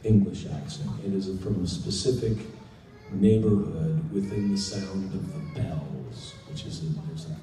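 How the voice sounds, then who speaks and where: A man's voice: low voice, measured pace, faint music behind. An American man answering fan questions at a convention panel, telling stories casually and acting out quotes with jokes. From United States. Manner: relaxed, joking, acts out quotes. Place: large convention hall. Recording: echoey hall, distant mic, noisy.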